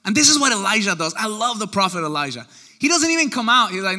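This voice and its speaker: A man preaching a sermon, animated and acting out the people he quotes. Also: high voice, fast. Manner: animated, acts out quoted voices. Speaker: pastor.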